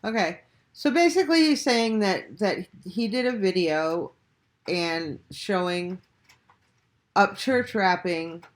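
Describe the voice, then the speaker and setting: A woman hosting a reaction video, talking casually and bluntly, with swearing and rhetorical questions. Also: lowish voice. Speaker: reaction channel host.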